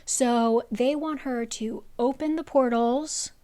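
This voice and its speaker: A woman's voice: fairly high pitch, fairly even intonation, slow, dark tone, dry recording, studio quality. A young woman with a worn-out voice giving a chatty, sarcastic spoiler recap of a novel, full of "like" asides. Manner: chatty, rambling, lots of "like" asides. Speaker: book summary creator.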